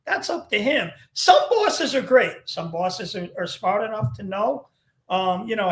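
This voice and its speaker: A man hosting a podcast and telling animated stories about his undercover work. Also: sits high, measured pace. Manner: animated storyteller. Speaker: podcast host, former undercover agent. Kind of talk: podcast conversation. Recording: echoey room.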